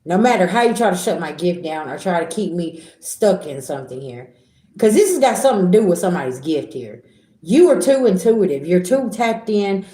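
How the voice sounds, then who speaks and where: A woman's voice: fairly low pitch, sing-song, fairly quick, warm tone, echoey room. A middle-aged woman giving a casual tarot reading, blunt and repetitive, talking straight to her viewers. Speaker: tarot reader.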